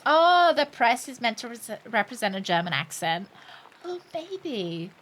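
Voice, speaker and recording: A woman's voice: on the high side, big pitch swings, measured pace, fairly bright tone. Joking woman streaming a game. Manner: chatty, joking, reads game text aloud. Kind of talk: casual gameplay commentary.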